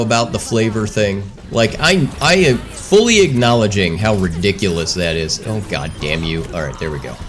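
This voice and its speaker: A male streamer talking casually as he plays, exasperated and quick to curse. His pitch jumps around with lively emphasis as he tells his stories. Faint game music plays underneath. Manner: profane, exasperated, animated storytelling. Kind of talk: casual rant while gaming live.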